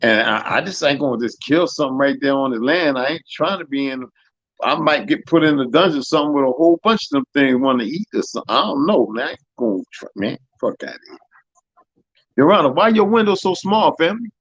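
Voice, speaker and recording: Profane, animated man telling stories. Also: on the high side, brisk, dry recording, lo-fi sound. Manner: profane, animated, swings loud and soft. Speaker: live stream host. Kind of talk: casual storytelling chat.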